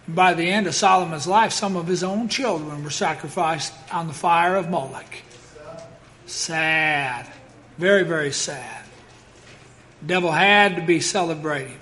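A man preaching a sermon in a dramatic, emphatic way, swinging between loud declarations and hushed asides. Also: fairly high pitch, unhurried.

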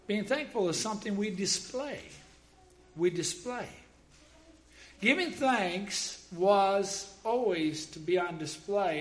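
A man's voice: sits high, a bit bright. A man preaching a sermon, emphatic, quoting scripture and dropping wry jokes.

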